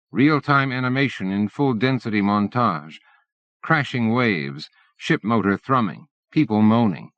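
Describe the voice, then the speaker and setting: A man reading an audiobook in measured scripted narration. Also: fairly low pitch, fairly bright tone, dry recording. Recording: dull dry lo-fi cassette.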